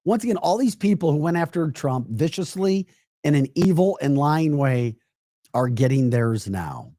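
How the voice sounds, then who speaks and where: Animated podcast host, mocking tone. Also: male voice, on the high side, normal speed, no echo, clean studio sound. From United States. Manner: emphatic, mocking, laughs often. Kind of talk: live political commentary reacting to chat.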